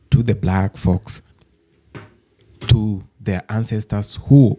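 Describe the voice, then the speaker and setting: A man hosting a channel, giving slow, measured scripted commentary to his viewers. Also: low-pitched, creaky, warm tone. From Africa. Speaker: channel host.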